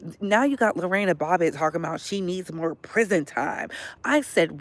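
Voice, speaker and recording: A woman's voice: on the low side, expressive, normal speed. A woman vlogger giving casual, indignant political commentary, talking in slang and repeating her points for emphasis.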